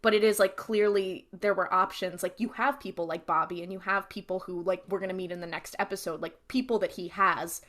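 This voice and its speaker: A young adult woman co-hosting a podcast, recapping an episode in a chatty, animated way with lots of fillers. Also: fairly low pitch, fairly quick, few pauses. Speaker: podcast co-host. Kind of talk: casual chat, recapping an episode.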